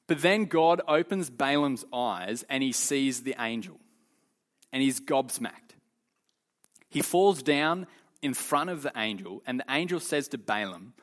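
A man leading a youth Bible lesson, telling the story in an animated, casual way full of slang. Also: mid-range voice, measured pace. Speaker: youth leader teaching.

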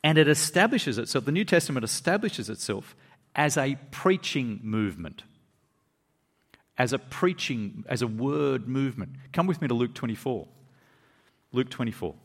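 A male pastor delivers a sermon, with a voice that swings widely in pitch as he drives his points home. He reads scripture passages aloud and drops into quick, low asides to check that his listeners are following. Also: long reverb tail. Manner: animated preaching, pitch rising and dropping for emphasis, quick asides.

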